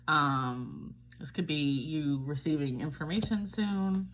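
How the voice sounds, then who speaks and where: A woman's voice: sits low, takes it slowly, slight background noise. A woman giving a casual tarot reading, chatty and reassuring, often checking in with "all right?". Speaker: tarot reader.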